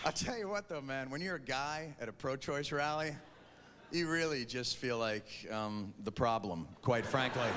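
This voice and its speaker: A man doing a stand-up set, ranting and jumping into high, exasperated outbursts. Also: expressive, moderate pace. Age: 30s. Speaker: stand-up comedian. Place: theater stage before a live audience. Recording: reverberant hall with loud crowd noise.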